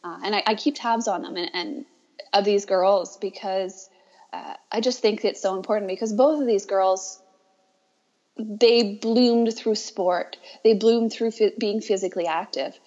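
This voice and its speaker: A woman's voice: mid-range voice, steady tone, measured pace, darkish tone. A woman, a teacher, talking reflectively with hesitant restarts. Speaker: teacher and guest. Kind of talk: reflective conversation. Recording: dull, muffled audio.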